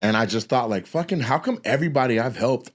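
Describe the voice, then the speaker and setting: A man's voice: mid-range voice, quick pace. A man hosting a podcast, telling a long, rambling, profane story in a casual way. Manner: profane, animated, rambling with restarts. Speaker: podcast host and comedian.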